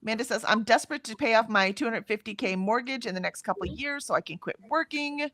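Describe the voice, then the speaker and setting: A woman's voice: a little high, fast talker, fairly bright tone, no echo. A woman hosting a casual livestream, reading viewer comments aloud in a chatty way and laughing often. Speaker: livestream host.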